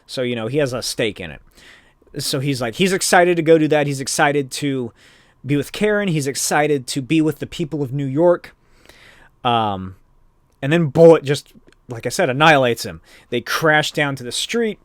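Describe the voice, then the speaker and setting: A man's voice: fairly high pitch, animated, moderate pace, dry recording. A man hosting a podcast, recapping a comic book in a casual, rambling way with lots of filler words. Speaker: podcast host.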